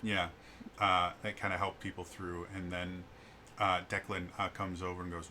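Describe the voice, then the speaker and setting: A man narrating as game master of a tabletop game, talking in a halting, stumbling way. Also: deep voice, little pitch movement, background noise.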